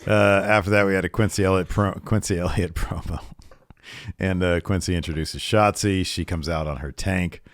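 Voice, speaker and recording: A man co-hosting a casual wrestling podcast, recapping a show in an animated way and putting on voices for quotes. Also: low voice, normal speed, no echo, studio quality. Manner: animated, does voices when quoting. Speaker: podcast co-host.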